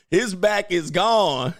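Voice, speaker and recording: A man hosting a live reaction stream, his voice sitting a bit higher than most men's. He drags out exclamations and chuckles between remarks in loose, casual commentary. The sound is close and dry, with no room echo. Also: fairly bright tone. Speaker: livestream host.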